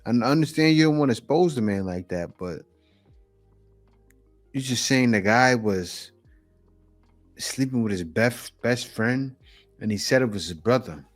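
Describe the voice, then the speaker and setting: A man's voice: mid-range voice, expressive, measured pace, long pauses, soft background music. A man hosting a reaction video, giving casual, skeptical commentary on clips and laughing along.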